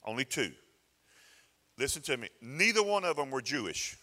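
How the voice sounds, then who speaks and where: A man's voice: mid-range voice, very animated, normal speed, sharp tone, long reverb tail. A male pastor preaching a sermon in a folksy, conversational way, often restarting his phrases. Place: church sanctuary.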